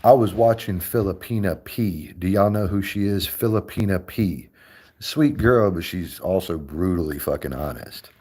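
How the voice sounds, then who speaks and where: Profane, laughing low-voiced man. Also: normal speed, breathy edge. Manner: profane, animated, laughs often. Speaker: streamer host. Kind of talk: casual livestream chat.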